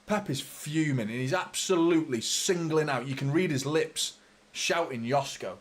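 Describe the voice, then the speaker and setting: A man runs a live football watchalong on a desk mic, talking casually and swearing freely. His voice sits a little high for a man. He turns heated and exasperated when a player makes a mistake. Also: normal speed. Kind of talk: live match commentary and chat.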